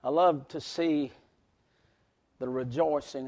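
A man with a West Virginia accent preaching a folksy sermon to a congregation, swinging from shouts to hushed words. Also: a little high, unhurried, pauses often. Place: church service before a congregation.

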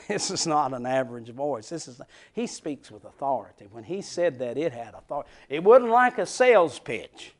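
A man preaching a folksy sermon, moving from hushed near-whispers to loud shouts. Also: fairly high pitch, sing-song, moderate pace. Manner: folksy, laughs between points. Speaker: pastor.

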